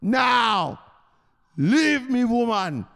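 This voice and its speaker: Man doing a yelling basement son, high pitch, frantic shouting, echoey room. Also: big pitch swings, extremely slow, gravelly, full character voice. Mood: frantic bragging. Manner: shouting, repeating "look, look". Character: excited grown man yelling at his mama from downstairs.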